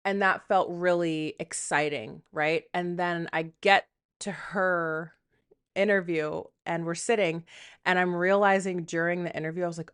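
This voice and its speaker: A woman's voice: on the low side, steady tone, unhurried, fairly bright tone, smooth. A woman hosting a solo podcast, talking frankly and rambling in a self-deprecating way, often quoting her own inner thoughts and swearing casually. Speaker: podcast host. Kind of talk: candid solo podcast monologue.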